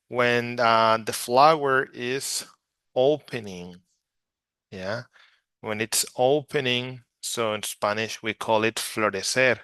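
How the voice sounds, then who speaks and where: A man's voice: mid-range voice, sharp tone, clear, resonant tone, no echo. A man from Mexico teaching Spanish vocabulary from slides, repeating each word patiently so learners can practice. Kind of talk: slide-based language lesson.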